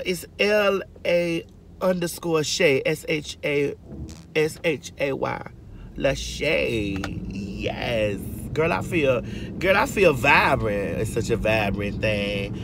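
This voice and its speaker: Fairly low in pitch with a fairly bright tone, this Georgia woman in her forties livestreams from her car as she drives. Her storytelling to viewers is casual, sassy and chatty, full of "girl" and "honey." Road and car noise sit behind her voice on the phone microphone.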